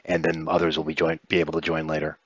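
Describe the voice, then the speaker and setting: A man narrating as game master in a tabletop role-playing game, pausing and restarting often. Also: a bass voice, completely flat delivery. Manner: hesitant, many restarts. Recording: dull lo-fi dry sound.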